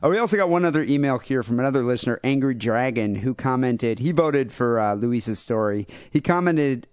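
A man's voice: mid-range voice, lively intonation, brisk, few pauses, darkish tone, clean tone, no echo. A man hosting a casual comedy podcast, rambling and joking with many fillers. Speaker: podcast host.

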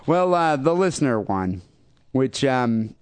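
A man's voice: mid-range voice, big pitch swings, slow, clean tone, no room sound. A man hosting a casual comedy podcast, rambling and joking with many fillers. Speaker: podcast host.

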